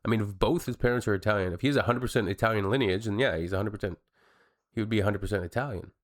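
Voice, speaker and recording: A man's voice: on the low side, very fast. A man from Canada giving casual, blunt reaction commentary and talking straight to his viewers. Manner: blunt, chatty, addresses viewers. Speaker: reaction video host.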